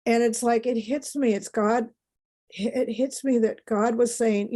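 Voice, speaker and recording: A woman's voice: a little high, steady tone, a little slow, mellow. A middle-aged woman, a podcast guest, telling a personal story in an emotional, rambling way with many asides.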